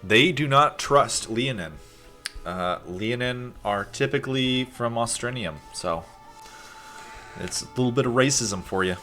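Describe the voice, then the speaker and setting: A man running a tabletop game as game master, relaxed and full of fillers. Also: medium pitch, measured pace, faint music behind.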